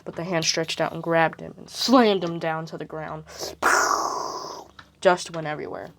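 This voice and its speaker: A woman's voice: deep voice, steady tone, moderate pace, creaky, very noisy. A woman casually retelling a fan what-if story, rambling with fillers and "like".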